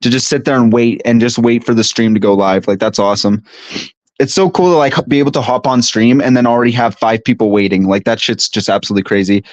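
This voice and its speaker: A young man, stuffy from allergies, chats casually and profanely on a live stream, reading chat aloud at a fast pace in a medium-pitched voice. The home recording is dry, slightly dull, and has no echo.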